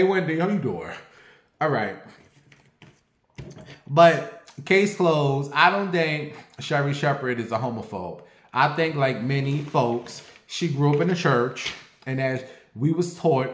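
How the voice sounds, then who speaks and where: A man's voice: fairly high pitch, moderate pace, echoey room. A man delivering a sassy, profane gossip rant in a casual online video. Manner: sassy, brash and profane, animated. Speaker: online commentator.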